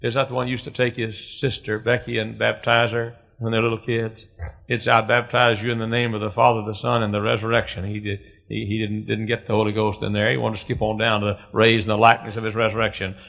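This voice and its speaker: A man preaching a sermon, storytelling with rising passion and shouted refrains. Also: fairly low pitch, monotone, fast, creaky. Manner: impassioned preaching, swelling to shouts. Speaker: pastor. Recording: dull lo-fi sermon recording.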